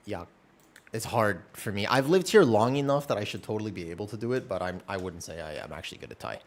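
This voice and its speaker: A man chatting casually on a live game stream from a room at home, in a relaxed, rambling, self-deprecating way. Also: on the low side, fast talker, a little hiss or hum. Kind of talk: casual live-stream chat while gaming.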